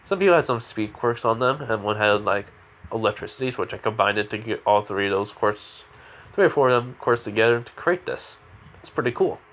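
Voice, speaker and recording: A man's voice: lowish voice, animated, a little fast, fairly bright tone. A man voicing an eager young hero boy explaining his powers, close to his own voice.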